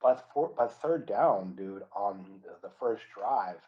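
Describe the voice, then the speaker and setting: A man co-hosting a podcast in casual sports chat, animated, saying "dude" constantly and often restarting his sentences. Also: fairly low pitch, measured pace, highs cut off. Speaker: podcast co-host.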